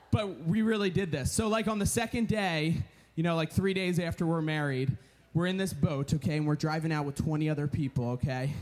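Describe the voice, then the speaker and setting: A young man giving a storytelling sermon at a retreat, animated and chatty with lots of filler words. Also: fairly high pitch, brisk, hardly any pauses. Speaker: retreat speaker.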